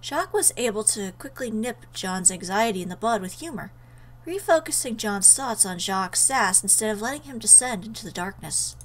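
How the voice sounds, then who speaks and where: A woman's voice: medium pitch, lively intonation, moderate pace, low-quality recording. A woman reading a visual novel aloud in an earnest way, breaking off for emotional asides. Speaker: let's player.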